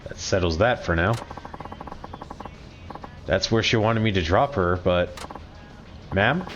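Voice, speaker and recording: A man's voice: low voice, takes it slowly, fairly bright tone, lo-fi sound, soft background music. A man playing a video game, reading the driver's lines aloud and musing on his choices. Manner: reads dialogue aloud, musing commentary. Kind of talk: game playthrough, reading and commenting.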